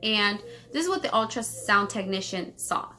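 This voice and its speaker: A woman from Los Angeles telling a personal story on her vlog, rambling fast with many fillers and restarts while holding back tears. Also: medium pitch, lively intonation, sharp tone, a little hiss or hum. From Los Angeles, United States. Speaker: vlogger.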